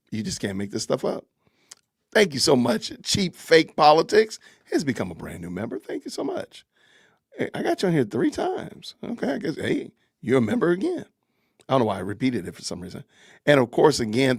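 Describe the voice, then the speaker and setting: Man with a gravelly, lively voice. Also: mid-range voice, no echo, clean studio sound. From Southern United States. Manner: chatty, reads out viewer comments and thanks donors, repeats phrases. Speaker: podcast host. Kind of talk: casual live-stream commentary.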